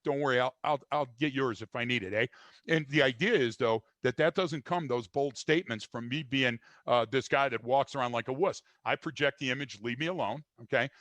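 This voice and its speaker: A man's voice: mid-range voice, brisk, fairly bright tone, dry recording. An older man from the United States, a guest in an interview, talking bluntly and emphatically with frequent restarts and fillers. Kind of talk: conversational interview.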